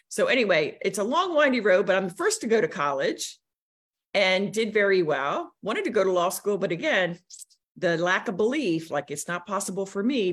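Lively storytelling woman, low voice. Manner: lively storyteller, swings pitch a lot. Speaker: guest, business coach. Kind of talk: telling her life story on a livestream.

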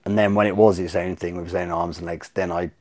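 A man chatting on a podcast as a guest, telling stories in a rambling, animated way with lots of fillers. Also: deep voice, fast talker. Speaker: podcast guest, soap brand owner. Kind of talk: casual podcast chat.

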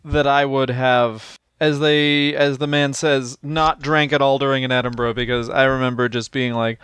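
A man's voice: medium pitch, steady tone, moderate pace, fairly bright tone, clear, resonant tone, no room sound. A man co-hosting a comedy podcast, riffing crudely and laughing often. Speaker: podcast co-host. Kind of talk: casual comedic chat.

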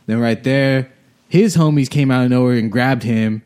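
A man's voice: mid-range voice, normal speed, clear, resonant tone. Young man telling a rowdy story. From Watsonville, California. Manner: profane, laughing, animated storytelling. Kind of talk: casual storytelling chat.

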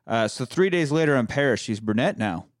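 A man telling a movie's plot in loose, profane podcast chat. His voice sits at a middle pitch and sounds dry and close, with little room around it. He jumps between storytelling and jokes. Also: fairly quick, no echo. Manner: animated storytelling with crude humor. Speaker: podcast host recapping a film. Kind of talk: casual chat.

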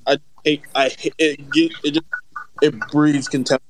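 A man's voice: on the high side, little pitch movement, measured pace. A man co-hosting a casual podcast chat, giving blunt opinions with lots of restarts. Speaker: podcast co-host.

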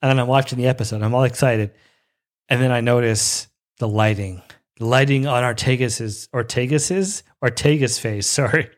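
A young man hosting a show, casually reviewing an episode with bursts of excited, high-pitched enthusiasm. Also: moderate pace. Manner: excitable, breaks into high-pitched squeals of delight.

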